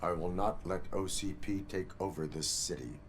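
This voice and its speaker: A man playing RoboCop, a very deep stoic cyborg cop. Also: slight background noise, natural voice. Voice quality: flat, measured, formal. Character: stoic male cyborg police officer.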